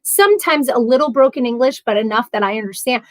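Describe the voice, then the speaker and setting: A woman's voice: a little high, fast talker, dry recording. A woman with a New York accent chatting casually as a livestream host, reading chat messages aloud and rambling with frequent laughs.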